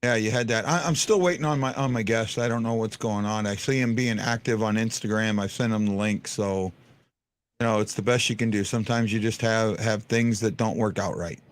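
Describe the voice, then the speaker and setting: A man's voice: lowish voice, a little fast. A man hosting a fan podcast, chatting casually and rambling with lots of restarts and fillers. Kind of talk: casual live-stream chat.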